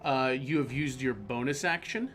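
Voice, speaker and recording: A man's voice: medium pitch, moderate pace, fairly bright tone, soft background music. A man acting as game master, explaining rules and describing the scene with a playful, teasing manner. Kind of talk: narrating a tabletop game online.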